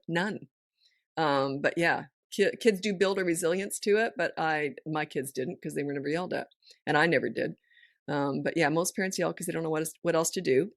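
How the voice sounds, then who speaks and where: Woman podcast host, middle-aged, frank and lively, dry studio sound. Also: low-pitched, dry recording. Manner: frank, lively storytelling with quick asides. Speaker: parenting coach and podcast host. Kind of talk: casual podcast chat.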